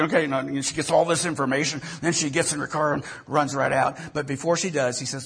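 A man's voice: medium pitch, fairly even intonation, fairly quick, gravelly, few pauses, fairly bright tone, breathy edge. A male pastor giving a sermon, telling a story with animation and often repeating words.

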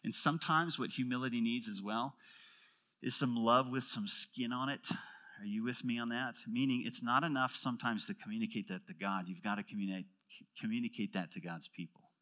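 A middle-aged man preaching a sermon as pastor, acting out prayers and dropping to quiet intensity for emphasis. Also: mid-range voice, fairly quick.

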